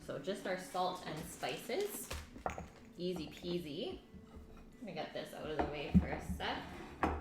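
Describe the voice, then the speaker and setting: Low-voiced woman chatting in an echoey kitchen. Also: sing-song, measured pace, long pauses, very noisy. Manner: chatty, reads chat names aloud, talks while eating. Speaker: cooking streamer. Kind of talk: casual live-stream cooking chat. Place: home kitchen. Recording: echoey kitchen, faint music.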